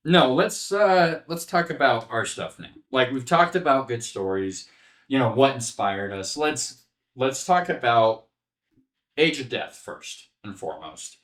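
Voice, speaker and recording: A man co-hosting a casual film podcast, laughing often and talking in halting restarts. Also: medium pitch, expressive, fairly bright tone. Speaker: podcast co-host and filmmaker. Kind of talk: casual chat. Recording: echoey room, distant mic.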